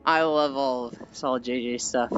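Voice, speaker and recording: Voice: mid-range voice, fairly even intonation, normal speed, fairly bright tone. A livestreamer chatting casually while walking, rambling through stories with many fillers and sighs. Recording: muffled stream audio with faint music. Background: faint music.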